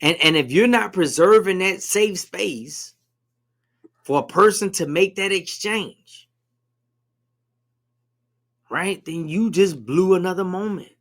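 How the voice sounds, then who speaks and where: A man with a high, gravelly voice co-hosts a relaxed conversation. He speaks in a preachy, emphatic way and likes to ask leading questions. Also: slow, pauses often. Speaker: podcast co-host. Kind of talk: casual conversation.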